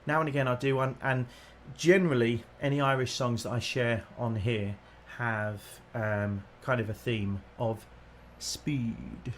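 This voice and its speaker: A man's voice: medium pitch, steady tone, measured pace, hardly any pauses, slight background noise. A man co-hosting a casual livestream, chatting in a jokey, self-deprecating way about songs he sings. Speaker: shanty singer and co-host.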